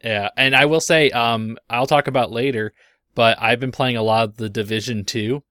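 A young man talks casually on a podcast, laughing and telling stories with animation. His voice is bright and sits close and dry on the mic. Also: medium pitch, fairly even intonation, moderate pace, dry recording. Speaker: podcast co-host. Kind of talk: casual chat.

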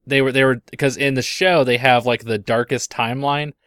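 A young man talks casually on a podcast, laughing and telling stories with animation. His voice is bright and sits close and dry on the mic. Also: medium pitch, fairly even intonation, moderate pace, smooth, no echo. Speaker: podcast co-host. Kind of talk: casual chat.

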